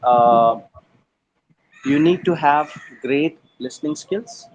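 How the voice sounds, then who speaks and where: Indian English tutor, patient and clear. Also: male voice, fairly high pitch, slow, dull audio, slight background noise. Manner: patient, drills words syllable by syllable; mixes in Hindi phrases. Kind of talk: online English practice lesson. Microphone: video call.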